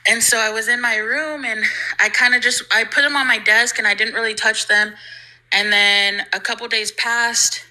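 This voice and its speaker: Very bright-voiced young woman telling a ghost story. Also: on the high side, fairly even intonation, normal speed, rough recording. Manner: chatty, fills with "like", acts out quoted people. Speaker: livestream storyteller.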